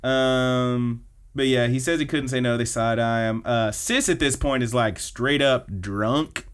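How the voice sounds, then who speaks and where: Smooth-voiced man recapping anime casually. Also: medium pitch, measured pace, a bit bright. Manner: chatty, acts out characters' lines. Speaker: podcast co-host.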